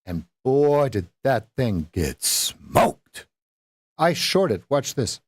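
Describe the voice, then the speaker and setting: A man's voice: medium pitch, sing-song, drawn-out words, breathy edge, no room sound, clean studio sound. A man coaching viewers through live trades on a stream, talking in a rambling, self-correcting way and throwing in playful sound effects. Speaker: trading coach. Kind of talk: live-stream market commentary.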